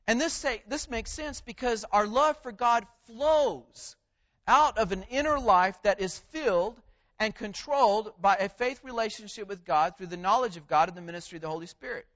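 Male preacher, high voice, deliberate and emphatic sermon delivery, muffled lo-fi sound. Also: a bit bright. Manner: measured, emphatic delivery with pauses on key words.

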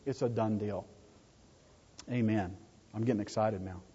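A man preaching a sermon in a husky, mellow voice, hammering home his points by repeating words. The sound is dull and lo-fi, with a long reverb trailing off the walls of a hall. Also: lowish voice, fairly even intonation, measured pace. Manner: emphatic, repeats key words for stress.

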